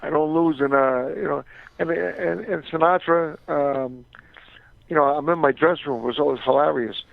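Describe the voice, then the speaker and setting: A man's voice: a little high, normal speed, creaky. An older man, a former boxer calling in as a guest, telling a long story in a rambling way, repeating words and acting out the voices of people he quotes. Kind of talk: phone-in storytelling. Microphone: phone call. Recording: dry tinny phone line.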